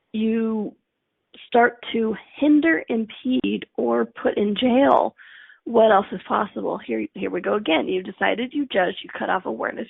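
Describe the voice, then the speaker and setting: A woman coach talks on a live stream in a chatty way and acts out each quote. Her voice is gravelly and a little breathy, and it sits a bit high. The sound is dry and tinny, like a phone line. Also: dry recording. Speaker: life coach.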